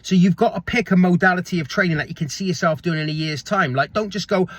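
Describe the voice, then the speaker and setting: Coach guy in his 30s ranting chatty about fitness, a bit high voiced, swears here and there. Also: normal speed, a bit bright, no room sound. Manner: chatty and blunt, swears casually, acts out quoted people. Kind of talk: casual motivational talk to camera.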